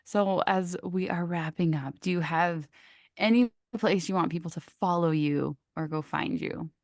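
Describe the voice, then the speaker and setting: A woman's voice: on the low side, measured pace, creaky, dry recording, studio quality. A woman hosting a podcast interview, speaking in an effusive, encouraging way. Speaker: podcast host. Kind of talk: casual interview chat.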